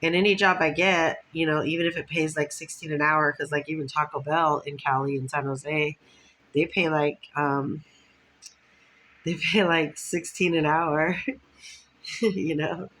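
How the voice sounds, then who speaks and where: Woman vlogger, casual storyteller, rambling and foul-mouthed, quick laughs, faint noise behind. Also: deep voice, steady tone, fairly bright tone, rough recording. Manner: rambling, profane, laughs often. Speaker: vlogger telling stories.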